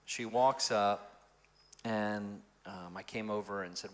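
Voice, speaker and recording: A male pastor telling stories in an interview, in an animated and expressive way. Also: on the low side, slow pace. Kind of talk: storytelling in an interview.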